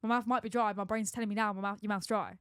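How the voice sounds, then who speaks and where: A woman co-hosting a podcast in casual chat, excitable and giggly, talking quickly. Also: mid-range voice, smooth, no room sound, studio quality. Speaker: podcast co-host.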